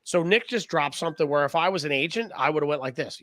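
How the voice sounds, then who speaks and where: An enthusiastic man talks quickly in a casual podcast chat and acts out imagined scenes. His voice is on the higher side. The sound is dry and close. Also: lively intonation, fairly bright tone, no echo. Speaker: podcast co-host.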